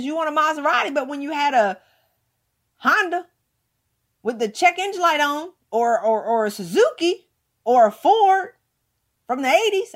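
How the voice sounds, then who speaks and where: A woman's voice: sits high, a bit bright. A woman giving an emphatic motivational talk, hammering points home with repeated words. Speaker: motivational speaker.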